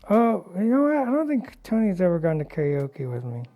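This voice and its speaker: Low-voiced woman, loud and playful. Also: big pitch swings, brisk. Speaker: co-host of a painting stream. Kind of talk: casual chat while painting.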